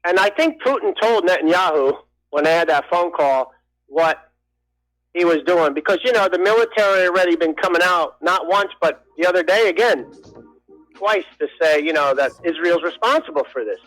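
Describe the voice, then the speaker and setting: A man's voice: high voice, animated, normal speed, fairly bright tone. A man from New Jersey calling in to a radio show, chatting and speculating. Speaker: radio caller. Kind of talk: phone-in call. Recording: tinny phone line.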